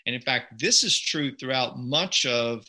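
A man's voice: mid-range voice, measured pace, sharp tone, poor audio. A man with a Southern US accent, a podcaster and lawyer, explaining things patiently and precisely as an interview guest.

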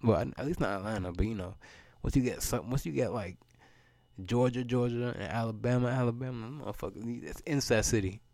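A man's voice: mid-range voice, fairly quick, darkish tone, no room sound. A man, hosting a solo podcast and ranting in a loose, profane, rambling way, often repeating words as he goes. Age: 30s. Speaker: podcast host.

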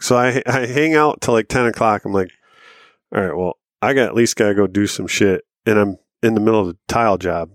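A man with a lowish voice tells a long, rambling story on a podcast in a loose, casual way. He acts out what everyone said and swears easily. The sound is dry and close, with no room echo. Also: fairly quick. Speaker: podcast co-host.

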